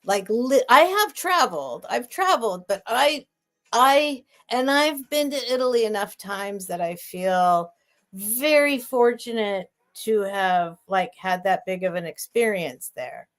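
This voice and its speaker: A woman's voice: medium pitch, animated, a little slow. A middle-aged woman hosting a casual live sale stream, talking in a chatty, rambling way with emotional asides.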